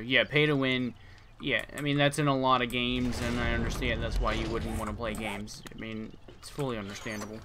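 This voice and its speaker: A man's voice: mid-range voice, flat delivery, fairly quick, background noise. A young man casually commenting on his gameplay for viewers, yawning and talking about feeling tired. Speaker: gaming streamer. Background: keyboard clicks and typing.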